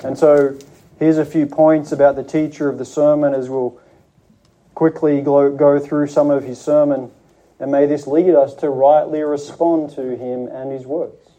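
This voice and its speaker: A man preaching a sermon to his church, speaking in an earnest, measured teaching manner with frequent restarts. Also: fairly high pitch, level tone, warm tone.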